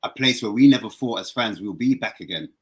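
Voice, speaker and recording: This guest, a football fan on a laid-back podcast, speaks a little fast in a husky voice. He gets animated and excitable, his pitch leaping up when he's worked up.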